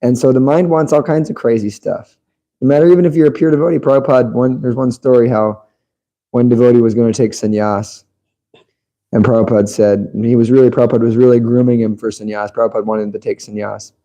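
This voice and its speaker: A man commenting after a scripture class, telling animated anecdotes full of quoted dialogue. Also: medium pitch, quick pace, low-quality recording. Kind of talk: anecdotal storytelling.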